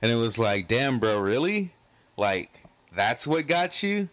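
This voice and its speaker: A young adult man co-hosting a podcast, telling a story in casual chat, animated and profane, with lots of "like". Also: medium pitch, measured pace. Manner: animated, profane, heavy use of "like". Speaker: podcast co-host.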